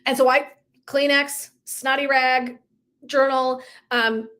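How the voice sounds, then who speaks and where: A woman's voice: sits high, steady tone, slow pace, fairly bright tone. A middle-aged woman coach talking casually and earnestly on a livestream, full of "like" and "right?". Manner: chatty, heavy use of "like", earnest and emotive. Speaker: wellness coach.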